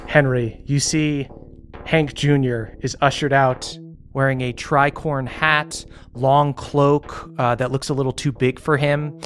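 A woman narrating a tabletop game as game master, in a relaxed, chatty way with plenty of fillers. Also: a bass voice, slow pace.

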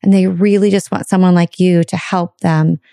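A woman's voice: fairly low pitch, steady tone, moderate pace, vocal fry, dark tone, no echo, studio quality. A woman hosting a podcast interview, talking in an emotional, affirming way with many murmured agreements. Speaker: podcast host. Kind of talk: casual interview chat.

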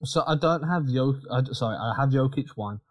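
A man co-hosting a casual sports podcast, talking in an animated, quick way with frequent restarts. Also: mid-range voice, no room sound, dull audio. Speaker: podcast co-host.

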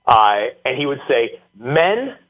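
A man guest telling animated stories with many fillers during an interview. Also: fairly high pitch, a little fast, slightly rough. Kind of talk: casual storytelling interview. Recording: tinny phone line.

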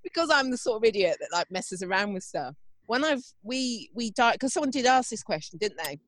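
A woman co-hosting a podcast over a video call, animated and giggly, telling self-mocking stories. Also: fairly high pitch, a little fast, dry recording. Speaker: podcast co-host. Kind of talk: casual chat. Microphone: remote video call.

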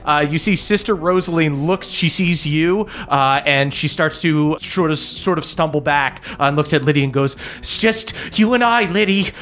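A man's voice: fairly high pitch, steady tone, normal speed, few pauses, a bit bright. Playful man running a tabletop game. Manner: playful, laughs often. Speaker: game master.

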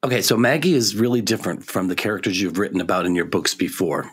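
A man co-hosting a book podcast, effusive and quick to praise, often restarting his sentences. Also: low voice, animated, fairly bright tone, breathy edge. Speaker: podcast co-host.

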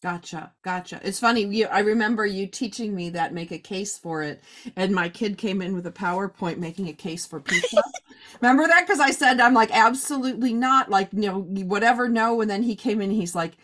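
A woman's voice: medium pitch, brisk, fairly bright tone. Chatty middle-aged woman hosting, rambles a bit, asks lots of questions. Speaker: host. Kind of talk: casual chat.

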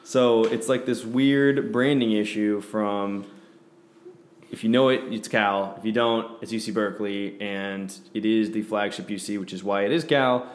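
A man's voice: fairly low pitch, steady tone. Chatty man telling a story on a podcast. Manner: conversational storyteller, quick reactions. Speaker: podcast co-host. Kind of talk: casual sports chat.

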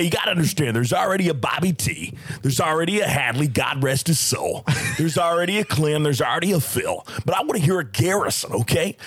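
A man's voice: a little high, fairly bright tone, husky. A man putting on the voice of a bossy veteran male rodeo announcer who lectures a younger colleague and keeps prodding with "okay". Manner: lecturing, repeats "okay" as a prod. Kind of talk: impression in casual podcast chat.

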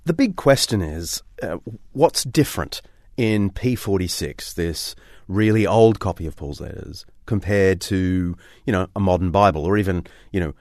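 A man presenting history in a lively storytelling way, quoting old texts aloud. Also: on the low side, dry recording, studio quality. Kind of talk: documentary-style explanation.

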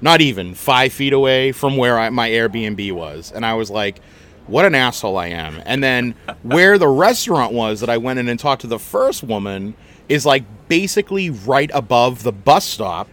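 A man hosting a podcast, telling a story in a casual, animated, chatty way and swearing freely. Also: medium pitch, normal speed. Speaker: podcast host.

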